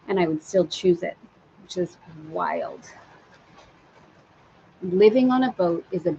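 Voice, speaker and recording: A woman's voice: fairly low pitch, huge pitch swings, slow pace, warm tone, a little hiss or hum. Woman telling a candid story, dull lo-fi sound. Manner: candid storytelling, reads viewer comments aloud. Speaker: spiritual teacher and live-stream host. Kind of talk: candid live-stream chat. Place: on a sailboat.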